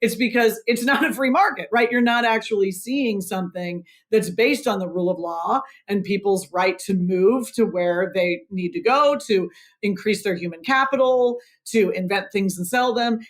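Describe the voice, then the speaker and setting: A woman's voice: mid-range voice, moderate pace. A woman author, a guest on a podcast interview, explaining history in an earnest, emphatic way.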